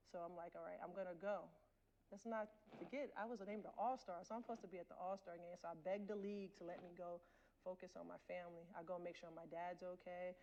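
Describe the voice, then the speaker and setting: A woman's voice: on the low side, a little mellow, muffled recording. A woman in her forties giving a candid personal storytelling talk as a guest lecturer, speaking straight to the audience. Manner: candid, addresses the audience directly. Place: lecture hall.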